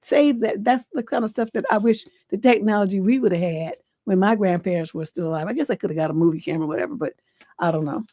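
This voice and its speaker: A woman's voice: mid-range voice, fast talker, mellow, no echo. A middle-aged woman hosting a livestream advice show, reading a viewer's letter and then giving frank, folksy advice. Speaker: relationship advice host.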